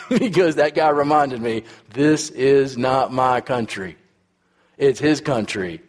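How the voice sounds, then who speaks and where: A middle-aged Texan man preaches at an even, ordinary pitch, telling his story casually and checking in with listeners as he goes. His voice rings out with a long reverb trailing after each phrase, as in a big hall. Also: slow pace. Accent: Texas. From Texas. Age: 50s. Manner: conversational storytelling, frequent "right?" and "uh" asides. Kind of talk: sermon.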